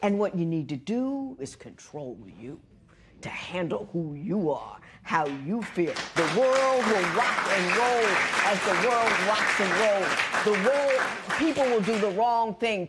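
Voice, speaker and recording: A middle-aged woman judge on a courtroom show, firmly lecturing and advising the couple, moving between stern and gentle. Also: medium pitch, background noise. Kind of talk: courtroom ruling and advice.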